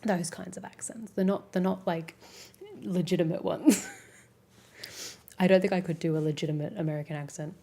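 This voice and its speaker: A woman's voice: lowish voice, fairly even intonation, moderate pace, vocal fry, dark tone. A young Australian woman streaming, chatting casually with her viewers in a rambling, giggly way full of fillers. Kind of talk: casual chat with live chat.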